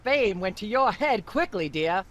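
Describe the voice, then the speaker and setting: A woman's voice: mid-range voice, lively intonation, a little slow. An actress voicing a haughty, pompous middle-aged woman talk-show host in a comedy game. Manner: haughty, droning, endlessly ranting.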